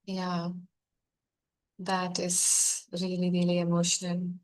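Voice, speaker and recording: A woman facilitating a guided healing session, speaking softly, gently and encouragingly to her group. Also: fairly low pitch, monotone, takes it slowly.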